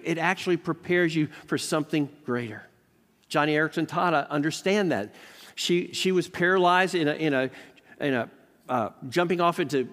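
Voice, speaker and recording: An American man, a professor, giving a lively chapel sermon full of personal stories. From United States. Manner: animated storyteller, jumps up in pitch when excited. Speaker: professor preaching at a college chapel. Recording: long hall reverb.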